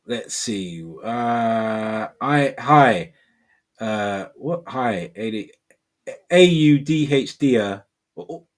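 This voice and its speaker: A man in his forties hosts a livestream in a lowish voice, meandering through relaxed chat and viewer comments. "Man" and "bro" come up again and again.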